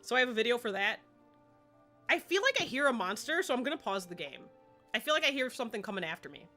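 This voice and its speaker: A woman's voice: on the high side, big pitch swings, fast, pushed and bright, faint music behind. A woman chatting casually while streaming a game, rambling and laughing often. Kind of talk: casual live-stream gaming chat.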